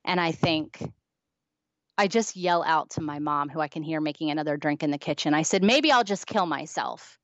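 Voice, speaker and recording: Low-voiced woman telling her story. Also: steady tone, fairly quick, no echo, muffled recording. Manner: earnest storytelling, acting out past dialogue. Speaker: guest author. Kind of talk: personal testimony in an interview.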